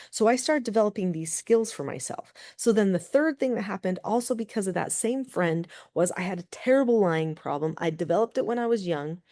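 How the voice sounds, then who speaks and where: A middle-aged woman, a parenting expert, telling personal stories as a guest in a podcast interview, animated and full of "like" and "you know". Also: mid-range voice. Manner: animated storyteller, many fillers like "like" and "you know".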